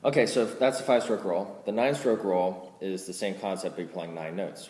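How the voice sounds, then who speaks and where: A man teaching drum rudiments in a casual way, counting strokes aloud louder than he explains. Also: deep voice, steady tone, a little fast, hardly any pauses. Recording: roomy reverb with loud background noise.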